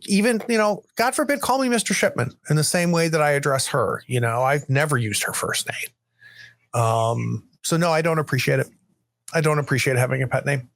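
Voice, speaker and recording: A man talking in character during a storytelling game, musing aloud in a wry, rambling way. His voice is mid-pitched and sits dry and close, with no room sound. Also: no echo. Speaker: game player.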